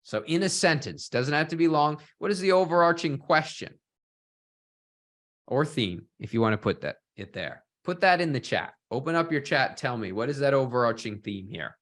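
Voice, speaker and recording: A man leads an online data visualization workshop, talking in a mid-pitched voice. He poses questions to his viewers and keeps checking in with them. He often ends a thought with a quick "right?". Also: lively intonation, a bit bright. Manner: asks the audience, often adds "right?". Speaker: workshop instructor.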